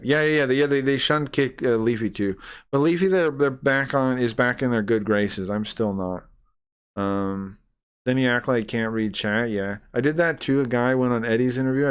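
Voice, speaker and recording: A man's voice: medium pitch, clear, resonant tone. A man livestreaming, retelling a grievance in an indignant, profane, rambling way. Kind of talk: ranting stream commentary.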